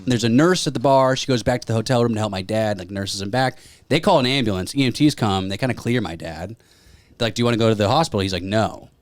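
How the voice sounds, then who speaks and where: A man's voice: lowish voice, fast talker, no room sound. Man telling a story, dry close sound. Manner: animated retelling with quoted voices. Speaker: podcast co-host. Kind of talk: casual storytelling chat.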